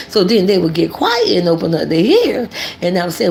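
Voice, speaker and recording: An older woman hosting casual livestream commentary, animated and preachy, talking about herself in the third person. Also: mid-range voice, fairly quick, gravelly, a little hiss or hum. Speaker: commentary channel host.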